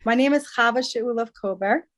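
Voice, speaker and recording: A woman's voice: on the high side, brisk. A woman co-hosting a podcast as a matchmaker and dating coach, chatting in a bubbly, casual way.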